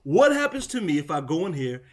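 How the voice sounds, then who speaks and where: Man, vlogger and property manager, exasperated, slightly raised pitch, filmed outdoors. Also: big pitch swings, fairly quick, background noise. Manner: exasperated, building up heat. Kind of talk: vlog narration. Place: outside a vacant house.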